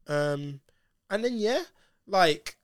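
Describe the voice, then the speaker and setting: Young man, casual storytelling, slangy, laughs often, somewhat high-pitched, dry recording. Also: expressive, very slow, no room sound. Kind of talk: casual chat, animated anecdote.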